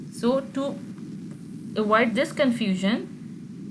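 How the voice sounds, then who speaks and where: A woman's voice: fairly high pitch, moderate pace, very noisy. A woman teaching an online grammar class, explaining patiently and often checking with her students. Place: video call.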